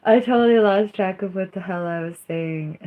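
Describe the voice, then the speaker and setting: A woman's voice: medium pitch, measured pace, phone-quality sound, slight background noise. A woman streaming live, chatting casually in a rambling, self-mocking way with dramatic outbursts. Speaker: livestreamer. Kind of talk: casual livestream chat.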